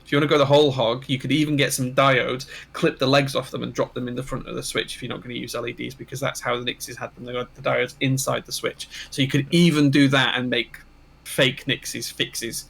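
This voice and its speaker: A man's voice: mid-range voice, flat delivery, quick pace, gravelly, a bit bright, husky. A man co-hosting a casual livestream, chatty and rambling with frequent ums. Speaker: co-host.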